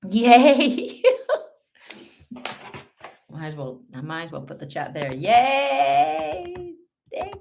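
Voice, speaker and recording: A woman from Ireland with an Irish accent, talking casually to her viewers on a live stream. She speaks at an unhurried pace, with a voice sitting a little low. Her manner is playful, with mumbled asides to herself and bursts of giggling. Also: fairly even intonation, a little mellow, slight background noise. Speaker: livestreamer.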